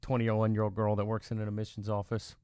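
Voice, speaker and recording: Drunk guy on a podcast, smooth clear voice, laid back storytelling, dry sound. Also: lowish voice, monotone, fast talker, mellow, dry recording. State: says he is drunk. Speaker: podcast co-host. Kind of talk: casual chat.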